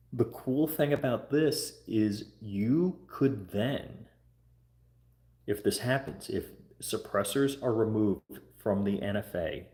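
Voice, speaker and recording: A man with a fairly low voice talks straight to his livestream viewers. He is earnest and repeats himself as he walks them through phone scripts. The sound bounces around a roomy space at home. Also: mellow. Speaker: livestream host. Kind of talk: casual livestream talk. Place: home room.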